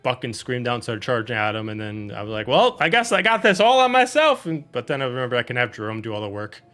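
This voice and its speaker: A brash woman druid who swears freely and rambles through her explanations, as a man plays her. The voice is bright and forceful, with faint music behind it. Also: on the low side, fairly even intonation, fast talker. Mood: brusque. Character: brash casual woman druid, bird owner.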